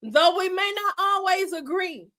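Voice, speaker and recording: Bright high-voiced woman streaming live. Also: a little slow. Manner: chatty, earnest, addresses viewers as y'all. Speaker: reaction channel host. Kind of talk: live-stream reaction chat.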